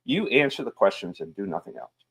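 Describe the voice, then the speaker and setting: A man's voice: mid-range voice, big pitch swings, brisk, breathy edge, voice pushed up. A man voicing a pompous middle-aged male police magistrate who blusters, turns irritable and talks down to the accused. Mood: stern.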